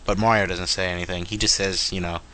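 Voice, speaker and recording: Male podcast co-host, low but bright voice, rambling casual gaming chat. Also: level tone, quick pace, a little hiss or hum. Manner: rambling, jokey, mocks companies in made-up dialogue.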